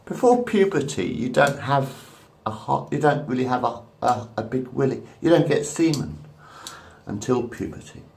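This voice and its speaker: A man's voice: mid-range voice, moderate pace, vocal fry, a little mellow, slight background noise. A man in his fifties rambling crudely and repetitively to a camera at home. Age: 50s. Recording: echoey room.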